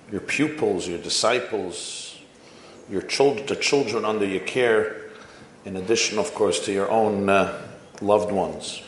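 A male preacher delivers a sermon full of anecdotes, shifting his pace as he tells them. His voice sits fairly low. The sound is roomy, with a hall echo. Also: slight background noise. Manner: storytelling, varied pace. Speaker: preacher addressing educators.

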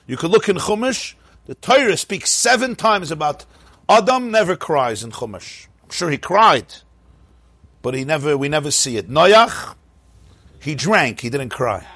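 A man giving a Torah class as a rabbi, lively and questioning, with mock-cheerful asides. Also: on the high side, husky, no room sound.

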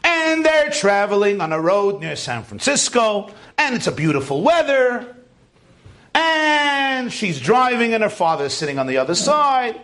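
A man's voice: high voice, moderate pace, few pauses. A man telling a story to a live audience, acting out the people in it and joking with the listeners. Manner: animated storyteller, acts out quoted voices, jokes with the crowd. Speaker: speaker giving a talk.

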